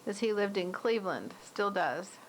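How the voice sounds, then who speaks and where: A woman's voice: medium pitch, expressive, moderate pace, a little hiss or hum, low-quality recording. An older woman casually narrating old family home movies, recalling details in a chatty way. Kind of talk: casual reminiscing.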